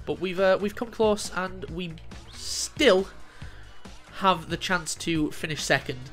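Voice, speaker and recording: Young guy yelling and laughing over his football game, swears loads, slightly high voice, bit of music behind. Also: takes it slowly. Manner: excitable, swears a lot, jokey. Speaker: gaming YouTuber. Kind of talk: let's play commentary.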